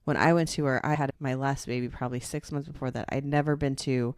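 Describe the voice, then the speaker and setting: A young woman co-hosting a casual chat, explaining things in a chatty way and laughing quickly. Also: a bass voice, steady tone, a little mellow, clean tone, dry recording, studio quality. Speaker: podcast co-host.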